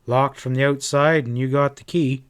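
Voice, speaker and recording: A man's voice: medium pitch, steady tone, moderate pace, clear, resonant tone, close to an everyday voice. A man reading aloud and voicing a grim western sheriff who drawls in rural speech.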